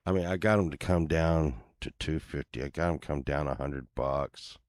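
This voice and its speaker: A man's voice: very deep voice, normal speed, a little mellow, dry recording, clean studio sound. A man chatting casually to viewers while browsing listings, laid-back and mumbling, with muttered asides and cursing.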